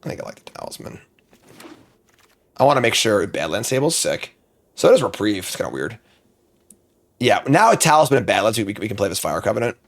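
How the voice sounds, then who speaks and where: Gravelly-voiced man thinking aloud. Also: fairly low pitch, sing-song. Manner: muttering, thinking aloud, quick outbursts of frustration. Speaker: streamer drafting a card game. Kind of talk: casual draft commentary.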